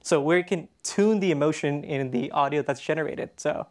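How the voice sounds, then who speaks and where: A Canadian man speaks on a conference stage in a fairly high voice. His talk is casual and conversational, full of "um"s and restarts. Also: normal speed. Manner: casual, chatty, with frequent fillers and restarts. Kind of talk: conference presentation.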